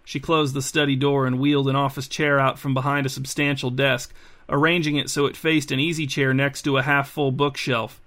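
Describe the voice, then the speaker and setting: A man hosting a podcast and reading a bedtime story in a calm, even narration. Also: mid-range voice, fairly quick.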